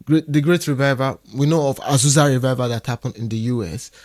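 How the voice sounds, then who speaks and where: A man at a middle pitch speaks as a guest on a faith podcast. He answers in a measured, reflective way. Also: darkish tone.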